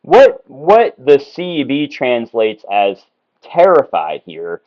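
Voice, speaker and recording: Guy walking through a bible passage at a whiteboard, lots of ums and restarts, medium pitch, kinda muffled audio. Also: sing-song, slow pace. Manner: conversational, many ums and self-corrections. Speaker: Bible teacher. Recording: slightly dull lo-fi sound.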